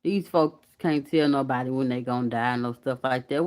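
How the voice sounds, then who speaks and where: A woman's voice: extremely low pitch, a little fast, few pauses, darkish tone. A woman from Alabama, hosting a casual livestream and talking candidly and emphatically to her viewers. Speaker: YouTube commentary host.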